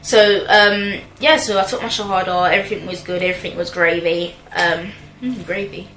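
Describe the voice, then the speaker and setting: A woman's voice: lowish voice, steady tone, moderate pace, fairly bright tone. A young woman, telling a personal story to camera in a chatty, slang-filled way with lots of asides. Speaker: vlogger. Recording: echoey room with faint noise.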